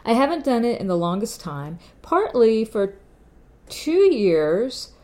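A woman's voice: on the high side, very animated, takes it slowly, a little mellow. Chatty rambling woman podcast host. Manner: chatty, rambling, self-correcting, laughs at herself. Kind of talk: casual chat.

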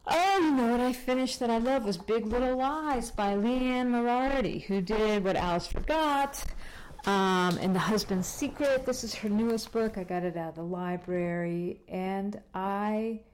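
A woman hosts her podcast in a loose, casual chat from home. She rambles with frequent fillers and false starts, at a middling pitch. She wanders around the room as she talks. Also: measured pace, darkish tone, slight background noise. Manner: rambling, many fillers and restarts; moves around the room while talking. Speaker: podcast host.

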